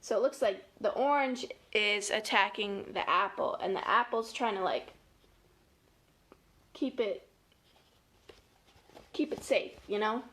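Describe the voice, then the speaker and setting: A woman's voice: mid-range voice, slow pace, pauses often, fairly bright tone. A woman, a family educator, reading a picture book aloud to children in a playful, chatty way, with gasps and laughs along the way.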